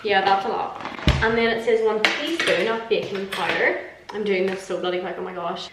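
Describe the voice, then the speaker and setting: A woman's voice: medium pitch, moderate pace. A young Irish woman vlogging casually while she cooks at home, talking in a chatty, self-mocking way and swearing freely. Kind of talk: casual cooking vlog chat. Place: home kitchen. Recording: echoey kitchen with background noise.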